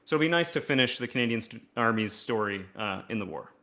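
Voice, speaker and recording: A man's voice: mid-range voice, expressive, fast talker, sharp tone. Man explaining his indie game. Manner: explanatory, self-deprecating. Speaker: indie game developer guest. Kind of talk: casual podcast interview.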